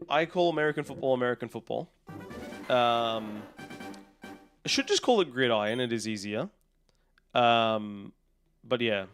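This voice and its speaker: This Australian livestreamer rambles loosely while playing a game, reading and replying to his live chat in casual conversation. His voice is mid-range with a fairly bright tone.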